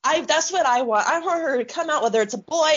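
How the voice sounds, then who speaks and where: A woman's voice: high-pitched, animated, fast talker, heavy background noise. A woman in her thirties, co-hosting a podcast in casual chat, talking bluntly with lots of swearing and heated rants. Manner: blunt, profane, heated ranting. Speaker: podcast co-host. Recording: dull lo-fi sound.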